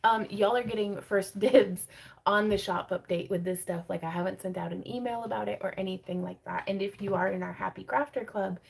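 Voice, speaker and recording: A woman with a drawl hosts a relaxed livestream sale from her craft room. Her voice is gravelly and husky, and she rambles through viewer comments with lots of fillers and quick laughs. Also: mid-range voice. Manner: chatty and rambling, laughs often, many fillers. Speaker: craft shop owner hosting a livestream sale. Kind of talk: casual livestream chat, reading viewer comments.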